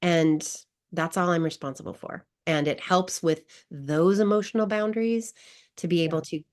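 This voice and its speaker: A woman's voice: fairly low pitch, moderate pace. Emotional woman telling a personal story. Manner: emotional, animated, laughs often while telling a story. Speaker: grief recovery guest coach. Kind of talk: personal storytelling in an online class.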